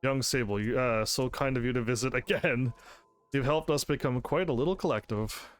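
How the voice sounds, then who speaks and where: A man voicing a motherly creature queen, soft, slow, gentle, game dialogue. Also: mid-range voice, lightly acted. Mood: grateful.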